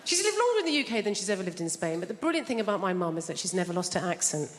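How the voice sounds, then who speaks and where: A woman's voice: on the low side, very animated, very fast, a little hiss or hum. An English woman doing stand-up with a dry, self-deprecating delivery, performing in a large theatre. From England. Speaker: stand-up comedian. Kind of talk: stand-up routine. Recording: reverberant hall with loud audience.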